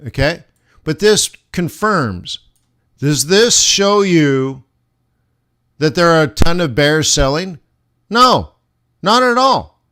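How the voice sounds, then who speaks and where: A man's voice: fairly high pitch, slow pace, long pauses, fairly bright tone, clear, resonant tone. A man running a live forex trading lesson, talking casually and asking the viewers rhetorical questions as he goes over the charts.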